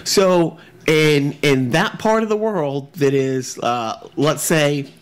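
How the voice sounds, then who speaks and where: A man co-hosting a casual podcast, talking in a halting way with many restarts. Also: on the high side, clear, resonant tone. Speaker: podcast co-host. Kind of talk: casual chat. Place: echoey room at home.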